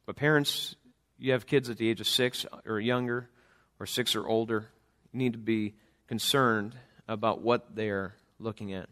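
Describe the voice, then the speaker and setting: A man's voice: fairly low pitch, steady tone, normal speed, fairly bright tone. A man preaching a sermon earnestly, reading scripture and speaking as a father to the parents in his church. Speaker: pastor; father of a young son.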